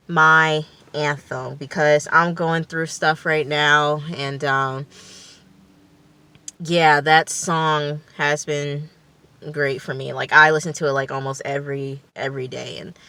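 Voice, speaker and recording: Blunt, chatty young woman with a bright voice. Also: deep voice, clean tone, no room sound. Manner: blunt, profane, opinionated retelling; chatty with frequent fillers. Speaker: TV reality show reviewer. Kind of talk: casual recap vlog.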